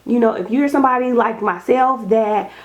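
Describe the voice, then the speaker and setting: A young adult woman with a fairly high voice talks through an unboxing in her dining room. She gushes and gets excited easily, chatting casually to her viewers and calling them y'all. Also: moderate pace, muffled recording. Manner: gushing, excitable, says y'all. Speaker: home decor vlogger.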